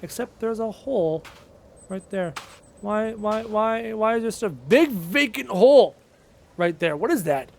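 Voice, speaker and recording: A man's voice: high voice, lively intonation, unhurried, gravelly, darkish tone. A man from Canada chatting casually on a live game stream, answering chat and repeating himself with emphasis. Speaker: gaming streamer.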